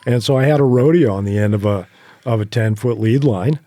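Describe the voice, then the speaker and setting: A man as a podcast guest, telling animated hunting anecdotes with quoted asides and laughs. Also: medium pitch, a little fast, no echo. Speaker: podcast guest, horseback hunter. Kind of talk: casual interview storytelling.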